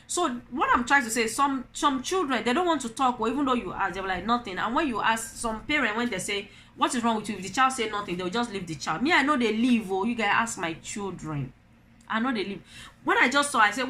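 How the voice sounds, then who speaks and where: A woman's voice: fairly high pitch, lively intonation, quick pace, sharp tone, slight background noise. A middle-aged Nigerian woman and mother, talking to camera in an opinion vlog, telling stories animatedly and asking rhetorical questions. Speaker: vlogger, mother.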